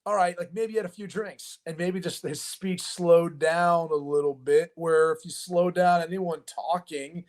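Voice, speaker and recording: A man co-hosting a casual sports podcast, telling animated stories full of filler words. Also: on the high side, unhurried, few pauses. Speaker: podcast co-host.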